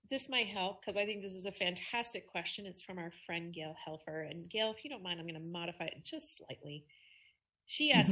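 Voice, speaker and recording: A woman's voice: fairly low pitch, sharp tone. A woman hosting a live Q&A, supportive as she puts questions to her guests. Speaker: Q&A host.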